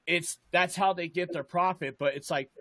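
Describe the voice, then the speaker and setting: A man's voice: sits high, fairly even intonation, moderate pace, fairly bright tone, no echo. A young man telling a rambling, swear-heavy story in casual chat as a podcast co-host.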